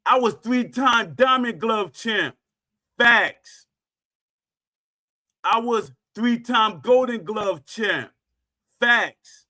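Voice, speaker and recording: With a high-pitched, sharp voice, a middle-aged male streamer rants at his audience. He keeps repeating and emphasizing his points, declaring "Facts" after his claims.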